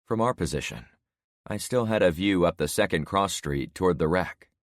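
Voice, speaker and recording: Deep-voiced male audiobook narrator. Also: expressive, moderate pace, dry recording, clean studio sound. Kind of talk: first-person scripted narration.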